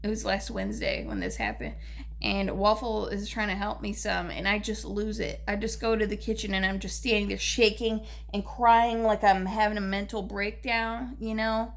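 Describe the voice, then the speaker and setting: A young woman, talking in a personal vlog about her grief, halting and repeating herself, short on sleep. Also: mid-range voice, level tone, creaky, a little hiss or hum. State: grieving, lacking sleep. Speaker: vlogger.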